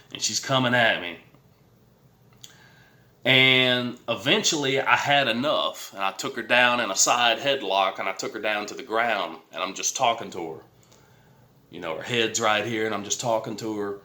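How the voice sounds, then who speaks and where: A man's voice: lowish voice, pushed and bright. A man telling a personal story in a blunt, plain-spoken way to his viewers, swearing now and then. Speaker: vlogger. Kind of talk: casual storytelling. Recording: roomy echo.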